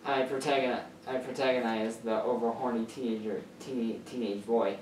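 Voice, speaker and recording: A woman with an unusually deep voice reads a story aloud, tripping over words and restarting lines. She sounds distant from the mic in an echoey room, with a faint hiss underneath. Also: fairly even intonation, normal speed, darkish tone. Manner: stumbling, self-correcting reading. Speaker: story reader.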